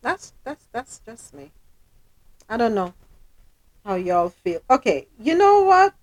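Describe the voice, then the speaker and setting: A woman's voice: fairly high pitch, very animated, takes it slowly, dull audio. A woman hosting a casual talk show, venting her frustration, apologizing to her listeners and speaking emphatically. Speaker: podcast host.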